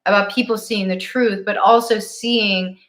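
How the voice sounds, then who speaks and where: A woman talks casually on a video-call live stream, and her pitch sits right in the middle. She tells her stories with animated energy and laughs easily at herself. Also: measured pace. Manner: animated storyteller, acts out her own frustration. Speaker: co-host of a spiritual live stream. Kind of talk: casual chat.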